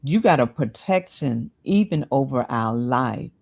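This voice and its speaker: A woman's voice: a bass voice, lively intonation, measured pace, gravelly. A woman co-hosting a devotional chat, answering with short affirmations and closing with words of encouragement. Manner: warm affirming responses, closes the show with encouragement. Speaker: co-host.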